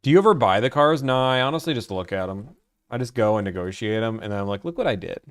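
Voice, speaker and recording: Talking fast in a fairly low, clear, resonant voice, a young Georgian man rambles about car buying during a casual live stream, leaning constantly on "like." The recording is dry with clean studio sound.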